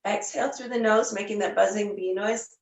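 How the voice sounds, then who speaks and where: Woman yoga instructor, mid-pitched, calm guided cues; roomy room sound, set back from the mic. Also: distant mic. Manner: gentle, unhurried cues with fillers. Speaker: yoga teacher.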